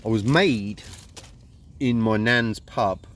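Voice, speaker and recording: A man's voice: fairly low pitch, slow, fairly bright tone, slight background noise. A man with a Luton accent delivering a rambling, indignant monologue, swearing constantly. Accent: English, Luton. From Luton, England. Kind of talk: profane ranting monologue.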